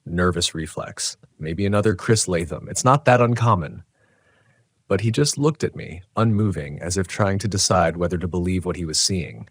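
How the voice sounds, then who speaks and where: A man narrating a scripted horror story in a measured, tense way. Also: low-pitched, animated, no room sound.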